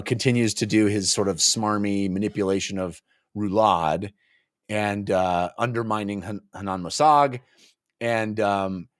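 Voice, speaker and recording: A man's voice: on the low side, clear, resonant tone, no room sound, clean studio sound. A man co-hosting a casual book discussion podcast, retelling scenes animatedly and putting on silly voices for characters. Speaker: podcast co-host.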